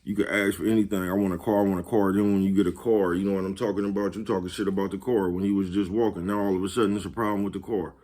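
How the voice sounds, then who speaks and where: Low-voiced man laughing through a rant. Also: steady tone, very fast, few pauses, darkish tone. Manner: slangy and profane, laughs often, keeps asking if you follow. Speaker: vlog host. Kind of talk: casual motivational monologue.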